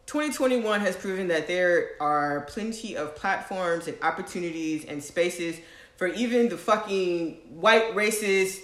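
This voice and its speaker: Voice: medium pitch, fairly bright tone. A podcast co-host in their own apartment, ranting in casual chat with exasperated, profane remarks. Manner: profane, exasperated, laughs between points. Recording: roomy echo.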